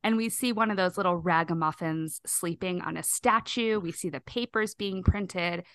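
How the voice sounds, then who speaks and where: A woman's voice: fairly low pitch, moderate pace, fairly bright tone. A woman hosting a casual movie recap podcast, narrating scenes with jokes and laughter. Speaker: podcast host.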